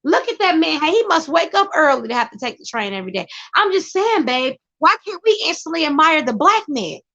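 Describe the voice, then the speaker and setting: A woman talks in a casual, emphatic vlog style, her high voice rising into excitable bursts. She now and then turns aside to address her partner off-camera. The sound is muffled and lo-fi. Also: brisk. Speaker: vlogger. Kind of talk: casual commentary.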